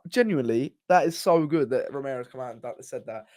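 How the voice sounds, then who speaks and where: A man co-hosting a football podcast, talking in an excitable, sweary, rambling way with many restarts. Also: medium pitch, fast. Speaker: podcast co-host. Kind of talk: casual football chat.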